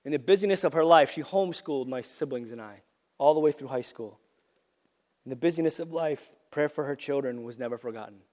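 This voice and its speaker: A man's voice: medium pitch, brisk, a little mellow. A man preaching a sermon, earnest and repeating phrases for emphasis, losing his voice from a cold. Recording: long reverb of a large hall.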